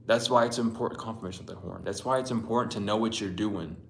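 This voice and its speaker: A man's voice: on the low side, quick pace, vocal fry, slight background noise. A man giving a casual spiritual tarot reading, talking bluntly, swearing often and rambling. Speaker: tarot reader. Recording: roomy echo.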